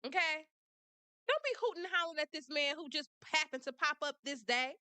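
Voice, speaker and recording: A woman's voice: high voice, expressive, a little fast, sharp tone, dry recording. A woman giving blunt, sassy commentary on a trial, laughing often. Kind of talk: casual commentary.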